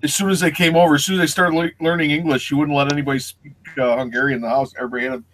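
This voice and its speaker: A man's voice: fairly high pitch, fairly even intonation, rapid-fire, a bit bright, a little hiss or hum, low-quality recording. A man co-hosting a casual live chat show, telling stories and going off on history tangents. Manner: storytelling, chatty history tangents. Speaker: co-host.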